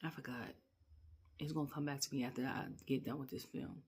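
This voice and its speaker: Woman ranting casually about last night's show, rambly and animated, laughs a lot. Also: a bass voice, brisk, husky. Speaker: wrestling reviewer. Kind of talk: casual rant review.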